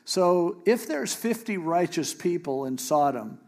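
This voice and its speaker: A man preaching a sermon, retelling a scripture story in a lively, joking way with paraphrased dialogue. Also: mid-range voice, unhurried, hardly any pauses. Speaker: pastor.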